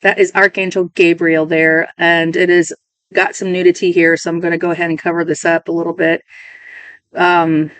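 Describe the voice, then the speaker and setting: A woman's voice: fairly low pitch, level tone, normal speed, a bit bright, no room sound. A woman reading tarot cards for her viewers, talking in a musing, emotional way and often interrupting herself. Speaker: tarot reader.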